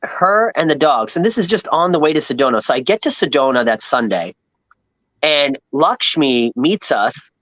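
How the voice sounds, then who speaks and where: A man from Long Island, telling a rambling, animated travel story as a podcast guest and acting out the people he met. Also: on the high side, normal speed, dry recording, low-quality recording. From New York, Long Island. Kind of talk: casual storytelling chat.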